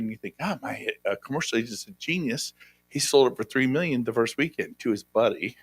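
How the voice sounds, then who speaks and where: Energetic male seminar speaker, sharp bright tone, dry close sound, loud crowd-rousing delivery. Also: no echo. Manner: high-energy, shouts out to the crowd, animated. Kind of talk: motivational sales seminar talk. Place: hotel conference room.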